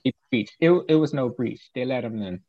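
A man co-hosting a casual talk show who explains things step by step in a measured way. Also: mid-range voice. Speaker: podcast co-host. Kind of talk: casual commentary. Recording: slightly dull, muffled audio.

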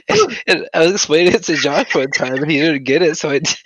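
A young man in his late twenties co-hosting a casual podcast, crude and quick to laugh. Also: fairly high pitch, slightly rough, no echo, rough recording. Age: young adult. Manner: laughs a lot, crude and animated. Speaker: podcast co-host. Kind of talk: casual chat.

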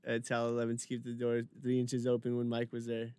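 A man's voice: medium pitch, a little fast, clear, resonant tone. A young man chatting casually with a friend, easygoing and calling him bro. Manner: relaxed, chatty, says bro and dude. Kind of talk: casual chat.

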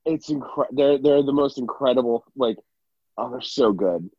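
Husky man rambling with filler words. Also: medium pitch, measured pace, dark tone, no echo, muffled recording. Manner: rambling, many fillers, profane, laughing. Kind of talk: casual chat.

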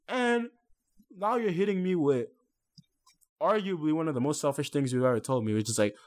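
A man's voice: on the high side, lively intonation, normal speed. Young man venting in casual chat. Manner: earnest, vents at length, mixes in French. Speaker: podcast co-host.

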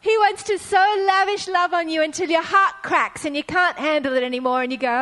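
A middle-aged woman delivers a sermon in an earnest, storytelling way, hammering points home with repeated phrases. Her voice sits high. The sound rings with the long reverb of a large church hall. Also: a little fast, hardly any pauses, sharp tone. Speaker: preacher.

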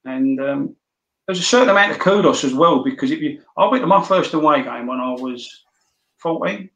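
As an interview guest, this sixty-something Londoner tells rambling, anecdotal stories casually, restarting many times. His voice sits a little high and fairly bright, with lively intonation at normal speed, captured in a roomy recording with the highs cut off.

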